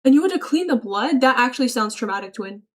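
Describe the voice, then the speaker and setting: A woman's voice: on the high side, animated, quick pace, fairly bright tone. A woman streamer chatting casually and reacting aloud as she reads her chat, swearing freely and laughing often. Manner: chatty, reacts aloud while reading messages. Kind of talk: casual livestream chat reading.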